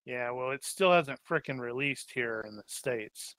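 A man leads a casual planning chat for a tabletop campaign. His voice is bright and edged, recorded dry and close. He rambles, jokes, and loses his train of thought mid-sentence. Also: medium pitch, unhurried, no echo. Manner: rambling, joking, trails off searching for names. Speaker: game master.

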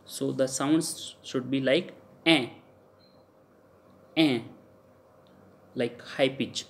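A man's voice: medium pitch, steady tone, takes it slowly. A man with an Indian English accent teaching French pronunciation in a recorded lecture. He repeats each example sound several times and hesitates with fillers.

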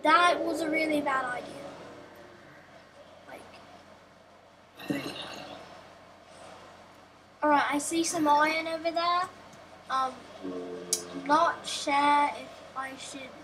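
A woman's voice: high-pitched, measured pace, noisy background. A woman giving casual, rambling gameplay commentary, talking to herself and joking as she plays. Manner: rambling, self-talking, jokey.

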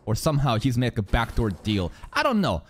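A man reacting live to an anime episode, excitable and profane, swinging between loud outbursts and low muttering. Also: fairly quick.

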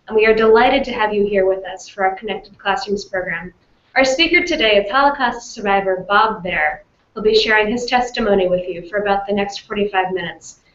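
A woman's voice: mid-range voice, a bit bright. A woman hosting an online classroom program, giving a friendly, scripted welcome over a video call. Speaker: program host. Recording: echoey, dull video-call audio.

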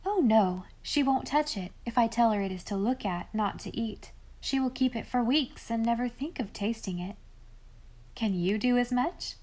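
A sly, kindly storybook mother who bargains playfully with a greedy boy, as a woman reader puts her on. Her voice stays close to the reader's own, warm in intent and quietly teasing. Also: a little high, normal speed, close to an everyday voice. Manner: gently teasing.

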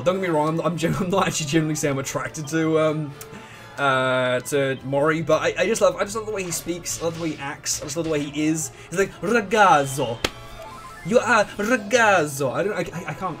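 A fairly high-voiced man hosts a let's play, talking through the game in a loose, rambling way. He is excitable, trips over his own sentences and hums little tunes as he goes. Faint game music plays under his voice. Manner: rambling and excitable, restarts often, hums along. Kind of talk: casual gameplay commentary.

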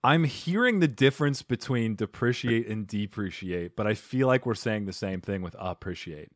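A man with a low voice that swings widely in pitch, hosting a casual comedy podcast. He laughs easily and stumbles a little as he reads listener questions aloud, recorded close and dry. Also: animated, normal speed, no echo. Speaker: podcast host.

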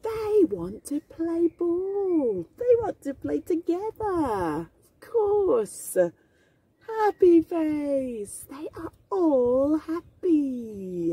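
A woman's voice: high-pitched, far from the mic. A woman teacher reading a picture book aloud to young English learners outdoors, acting out each feeling with gasps and laughs. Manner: very slow, animated, acts out each emotion with gasps and laughs. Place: outdoors in the mountains.

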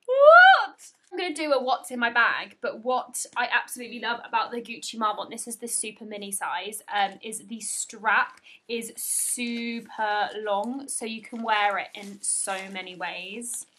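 A woman from the north of England, gushing and gasping through an excited unboxing in a home vlog. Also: on the high side, a little slow, few pauses, a little hiss or hum. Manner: gushing, gasping, breathy asides. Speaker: vlogger. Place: home room, indoors.

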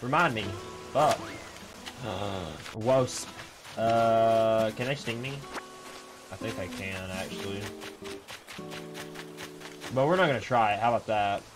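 Slow-talking young man streaming a game. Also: on the low side. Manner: swearing, excitable reactions. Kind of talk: casual gameplay commentary. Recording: game music behind.

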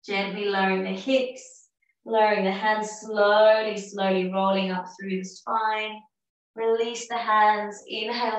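Calm woman guiding yoga in echoey room. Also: mid-range voice, recorded from a distance. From Australia. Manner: calm, encouraging, cueing breaths. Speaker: yoga teacher. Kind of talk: guided yoga class instruction.

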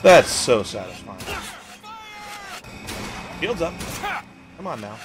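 A man's voice: mid-range voice, big pitch swings, slow pace. A man giving casual, sarcastic commentary while playing a video game. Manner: sarcastic, joking asides. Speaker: let's play gamer. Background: game music.

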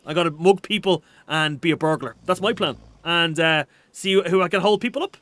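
A man's voice: on the high side, fairly quick, fairly bright tone, no echo. An Irish man chatting casually while streaming a game, reading out viewer comments in a rambling, restart-prone way.

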